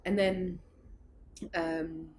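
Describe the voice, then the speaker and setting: Low, mellow-voiced woman telling stories. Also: level tone, drawn-out words, a little hiss or hum. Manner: rambling, full of fillers and restarts, laughs often. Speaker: guest, arts project founder. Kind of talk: casual conversational storytelling.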